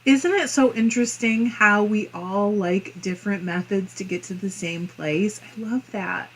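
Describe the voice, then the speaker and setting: Midwestern woman host, mid-pitched voice, casual and chatty as she reads viewer comments aloud on a live crafting stream. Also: a little slow, a little hiss or hum, low-quality recording. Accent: Midwestern American. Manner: chatty and friendly, muses aloud with small laughs.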